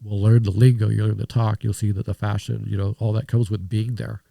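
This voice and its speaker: A man's voice: fairly low pitch, little pitch movement, fairly quick, gravelly, dark tone, no echo, clean studio sound. A man talking as a podcast guest in casual conversation, reflective and rambling with restarts.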